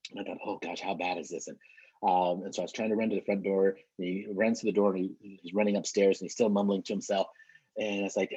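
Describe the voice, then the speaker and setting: Husky-voiced middle-aged man telling a story. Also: lowish voice, fairly even intonation, fast, mellow, no echo. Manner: earnest, repeats and restarts words. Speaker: trainer. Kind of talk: motivational storytelling talk. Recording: dull, muffled lo-fi recording.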